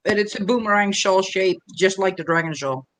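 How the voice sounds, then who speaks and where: A woman's voice: mid-range voice, fairly quick, a bit bright, low-quality recording. A woman co-hosting a casual crafting livestream, friendly and full of praise for others' work.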